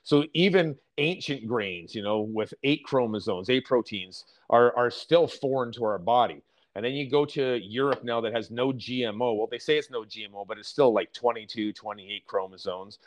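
Blunt, opinionated male podcast guest with a mid-pitched voice. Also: normal speed. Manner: emphatic, blunt, mimics other people's complaints. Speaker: podcast guest on fasting and diet. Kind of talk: casual podcast chat.

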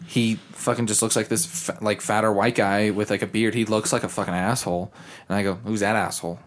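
A man's voice: lowish voice, a little fast. A young man chatting casually on a podcast, telling a story with lots of swearing and acted-out quotes. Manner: animated, profane, acts out quotes. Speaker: podcast host.

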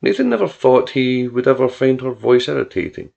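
A male narrator reads a story at a measured, even pace. His voice is strongly gravelly. The recording sounds dull and lo-fi. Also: medium pitch. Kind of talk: audiobook narration.

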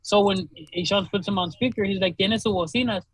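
High, husky young man. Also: a little fast, dry recording, low-quality recording. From Laredo, Texas. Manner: animated, swears a lot, laughs while telling stories. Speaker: DJ and podcast co-host. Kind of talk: casual storytelling chat.

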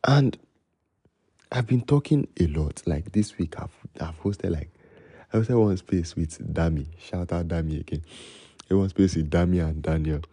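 A young man with a Nigerian accent hosts his own podcast alone in the small hours. His voice sits very low, with a husky, mellow tone. He rambles and freestyles, sliding between Pidgin and English, and the sound is close and dry. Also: a little slow, no echo. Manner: talking low late at night. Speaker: podcast host. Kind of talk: rambling solo podcast chat.

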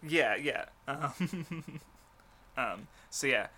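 A man's voice: medium pitch, animated, drawn-out words, bright, forceful tone. A young man co-hosting a casual chat, rambling with many fillers, restarts and frequent laughter. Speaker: podcast co-host.

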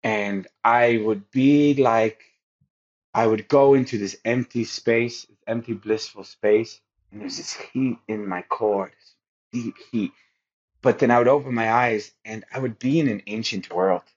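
A man's voice: mid-range voice, a little slow. A man speaking as a podcast guest, telling a personal story in an earnest, rambling way with frequent restarts. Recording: dull lo-fi sound.

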